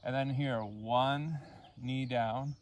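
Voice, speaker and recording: A man leading a yoga class, cueing poses and breaths in a calm, unhurried way and counting the holds. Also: mid-range voice, a little hiss or hum. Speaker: yoga instructor. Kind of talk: guided yoga class instruction.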